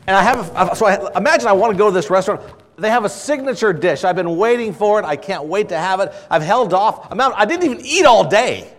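A man's voice: high voice, expressive, quick pace. A man preaching a sermon in a conversational way, asking the audience questions and acting out little dialogues. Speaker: pastor.

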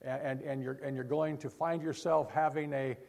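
A man preaching a sermon to a congregation, pleading and emphatic, pushing hard before dropping low. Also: level tone, normal speed, creaky, a little mellow.

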